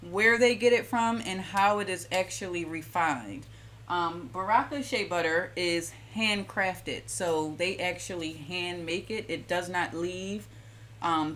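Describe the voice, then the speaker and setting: Woman host, home kitchen live stream, chatty and friendly with viewers, a faint hiss under the voice. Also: mid-range voice. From Philadelphia. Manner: chatty, greets viewers by name. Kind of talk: casual live-stream demonstration.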